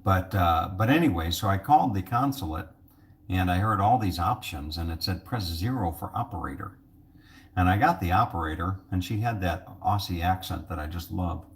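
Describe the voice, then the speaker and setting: A man's voice: deep voice, animated, normal speed. A man rambling through a casual vlog monologue, jokey and self-mocking. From United States. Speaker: vlogger.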